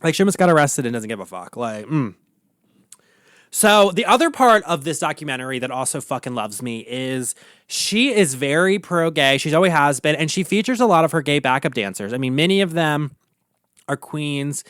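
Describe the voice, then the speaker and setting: A man's voice: fairly high pitch, expressive, moderate pace, a bit bright, no room sound, clean studio sound. A man with a Baltimore accent, a drag queen host ranting casually, campy and profane with lots of filler words. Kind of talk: casual solo rant.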